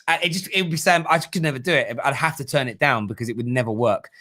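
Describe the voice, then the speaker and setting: A man hosting a casual live football stream, slangy and chatty with quick restarts. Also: medium pitch, sharp tone. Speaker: host.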